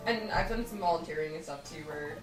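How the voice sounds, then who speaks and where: A woman co-hosting a game playthrough, chatting casually and often breaking into playful mock sales-pitch voices. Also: fast. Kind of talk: casual let's-play chat. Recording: roomy, distant mic, game music behind.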